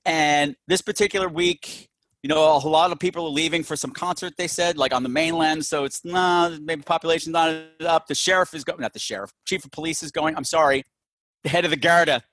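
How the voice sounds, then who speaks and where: A man hosting a casual movie review chat, animated, jokey and profane. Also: fairly high pitch, a little fast, no room sound. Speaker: podcast host.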